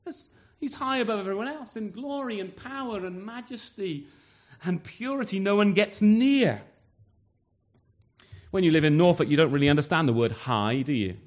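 Male preacher, high and animated voice, sermon delivery, lots of rhetorical questions, local church setting. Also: normal speed. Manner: lively, full of rhetorical questions and acted-out exchanges.

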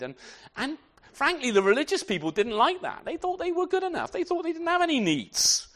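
A man preaching a sermon to his congregation, animated and often repeating words as he restarts his sentences. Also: extremely high pitch, brisk. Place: church.

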